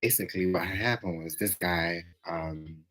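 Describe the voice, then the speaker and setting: A man chatting casually on a livestream, playful, with sudden loud outbursts. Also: deep voice, normal speed, rough recording.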